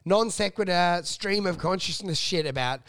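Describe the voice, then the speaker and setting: A man, a comedian, tells stories in a high voice, swearing often and slipping into mimicry of others. The sound is dry and close to the mic, with no room around it. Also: normal speed, a bit bright, smooth, dry recording. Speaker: comedian and podcast co-host. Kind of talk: casual storytelling chat.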